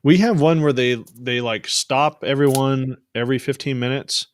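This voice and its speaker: A man's voice: mid-range voice, normal speed. A man co-hosting a casual panel podcast who reads out listener questions in an easygoing way. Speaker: podcast co-host reading questions.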